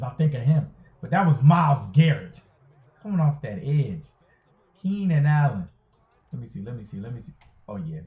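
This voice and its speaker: A man giving excited play-by-play commentary over a football video game he is playing, hyping and groaning at each play and repeating his phrases. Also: medium pitch. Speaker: gaming YouTuber. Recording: tinny phone-like sound in an echoey room.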